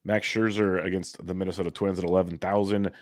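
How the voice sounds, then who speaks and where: A very deep-voiced man rattles off baseball picks and betting prices at a rapid clip. He sounds tired but steady, on a close, dry mic. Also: no echo. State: exhausted. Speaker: fantasy baseball analyst. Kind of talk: quick betting picks and casual chat.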